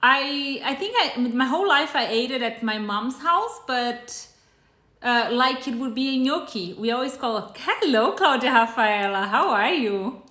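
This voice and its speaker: A woman's voice: high-pitched, lively intonation, a little slow, pushed and bright, echoey room. A woman with a Brazilian accent hosting a live cooking stream, chatting casually and greeting viewers by name. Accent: Brazilian Portuguese. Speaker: cooking show host.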